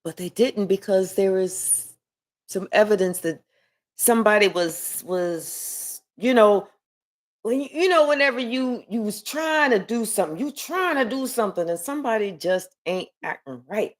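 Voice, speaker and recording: A woman's voice: mid-range voice, lively intonation, moderate pace. A woman giving a casual live tarot reading, talking in a rambling, chatty way and swearing freely. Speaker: tarot reader.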